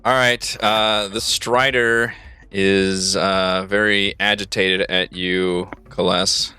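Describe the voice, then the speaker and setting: Bright, crisp-voiced man running a game. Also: deep voice, level tone, takes it slowly, faint music behind. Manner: easygoing, laughs often. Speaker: dungeon master. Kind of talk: running a tabletop game, casual and laughing.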